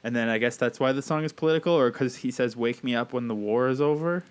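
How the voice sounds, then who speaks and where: A man's voice: mid-range voice, fast talker, smooth. A man co-hosting a casual podcast chat, rambling with lots of fillers and reading aloud in a wry tone. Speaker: podcast co-host.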